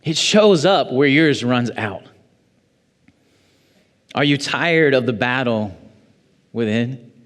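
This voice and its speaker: Slow-preaching pastor in a reverberant church. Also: male voice, mid-range voice, lively intonation, fairly bright tone. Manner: measured preaching, quoting scripture, rising to emphatic peaks. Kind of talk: sermon. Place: church sanctuary.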